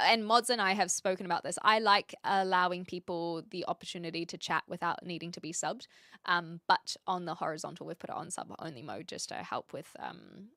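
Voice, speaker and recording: A woman's voice: fairly low pitch, fairly bright tone, no echo, clean studio sound. A woman with a New Zealand accent chatting casually on a live stream from her home setup, laughing often as she reads and answers chat.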